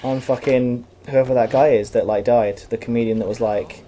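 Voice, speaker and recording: A man's voice: mid-range voice, steady tone, normal speed, few pauses, dark tone, a little hiss or hum. A young man giving rambling, profane, self-mocking commentary while playing a video game. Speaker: let's play commentator.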